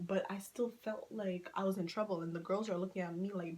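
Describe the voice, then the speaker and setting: A woman vlogger telling a dramatic personal story in a casual, animated storytime chat, swearing freely and acting out what people said. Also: mid-range voice, fairly quick, few pauses, poor audio.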